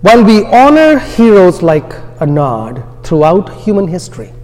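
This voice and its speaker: A man with an Indian American accent preaching an Easter sermon in a church, slow and deliberate, letting his phrases trail off softly. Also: sits high, sing-song. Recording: long reverb of a large hall.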